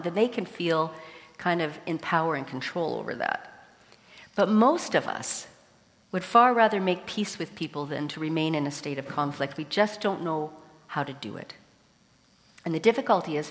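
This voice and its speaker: Her sermon starts with a joke, then this woman speaks straight to the congregation with warm storytelling, her voice slightly low for a woman. Each phrase echoes with a long reverb through the church hall.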